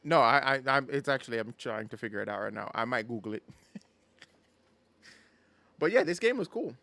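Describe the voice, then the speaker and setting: A man hosting a casual gaming podcast, talking in an animated, rambling way with frequent restarts. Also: medium pitch, a little fast. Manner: animated, rambling, stumbles and repeats words. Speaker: podcast host. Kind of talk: casual chat.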